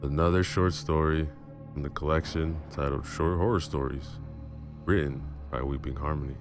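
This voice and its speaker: Brief: a deep-voiced man narrating a story dramatically over a music bed. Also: steady tone, normal speed. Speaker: storyteller, channel host. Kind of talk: first-person story narration.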